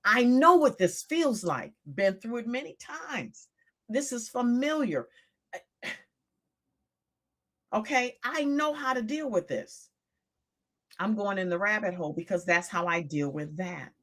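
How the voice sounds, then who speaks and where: A woman's voice: mid-range voice, expressive, unhurried, pauses often. Emphatic older woman coaching on a live stream. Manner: emphatic, repeating phrases for stress.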